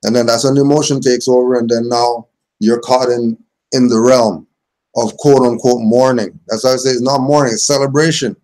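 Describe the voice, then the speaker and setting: A man's voice: medium pitch, fairly even intonation, moderate pace, a little mellow. A man giving a casual religious teaching, reading passages aloud and then explaining them in everyday speech. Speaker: spiritual teacher.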